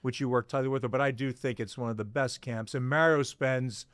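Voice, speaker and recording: A middle-aged podcast co-host speaking at an ordinary pitch, friendly and talkative, who retells golf-course anecdotes in a relaxed way. The sound is dry and close-miked. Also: male voice, brisk, clean tone, no echo. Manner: chatty, admiring, retells anecdotes. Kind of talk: casual chat.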